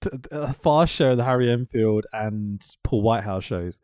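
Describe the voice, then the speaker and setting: A man's voice: medium pitch, normal speed, mellow, clean tone, dry recording. A man co-hosting a casual podcast, recapping wrestling with lots of swearing and laughter. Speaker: podcast co-host.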